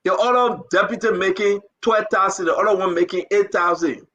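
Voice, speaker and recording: A man's voice: high voice, brisk, bright, forceful tone, highs cut off. A man with a Liberian English accent, hosting a live talk show and pleading his case with passion and repetition.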